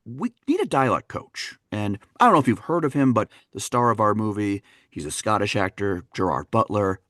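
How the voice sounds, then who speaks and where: A man from Wisconsin, a dialect coach, telling stories on a podcast in an animated, laughing way. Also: fairly low pitch, fairly quick, no echo, clean studio sound. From Wisconsin, USA. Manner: animated, laughing, fond of voicing characters. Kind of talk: anecdotal storytelling in a podcast interview.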